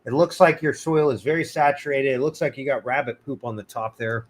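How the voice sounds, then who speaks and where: A man's voice: medium pitch, steady tone, a little fast. A man hosting a casual live arborist Q&A, cracking puns and laughing often as he answers viewers. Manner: joking, punny, laughs often. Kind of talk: casual livestream Q&A.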